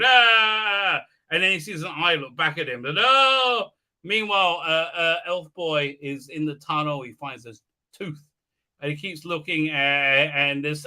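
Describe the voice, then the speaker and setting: Man, live-stream host, high pitch, very sharp tone, sarcastic, profane, halting with fillers. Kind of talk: casual live-stream recap and commentary.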